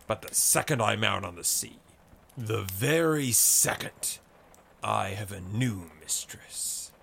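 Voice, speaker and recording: A man's voice: fairly low pitch, animated, slow pace, gravelly, a bit bright, a little hiss or hum, heavily acted. Man voicing Blazefeather, a roaring bold sea captain. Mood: brooding. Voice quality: roaring, impassioned. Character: swaggering adult male sea captain, loud and rhapsodic.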